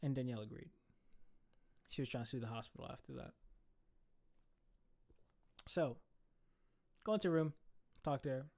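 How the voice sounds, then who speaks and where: A young man casually telling a story, animated and profane, full of slang. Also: mid-range voice, moderate pace, long pauses.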